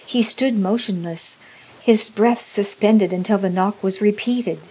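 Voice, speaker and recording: Slow, breathy woman reading a story. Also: medium pitch, dark tone, rough recording. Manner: measured, deliberate storytelling. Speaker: narrator.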